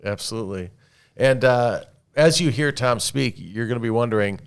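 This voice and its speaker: A man's voice: mid-range voice, moderate pace, creaky, clean tone. A man in his fifties hosting a podcast interview in an upbeat, enthusiastic, chatty way. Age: 50s. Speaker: podcast host. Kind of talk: casual interview chat.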